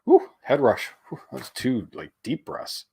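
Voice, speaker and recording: Chatty man with a lively voice. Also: medium pitch, measured pace, vocal fry, slightly rough. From Canada. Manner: chatty, rambling, reads out viewer names. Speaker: co-host of a live guitar Q&A stream. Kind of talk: casual live-stream chat.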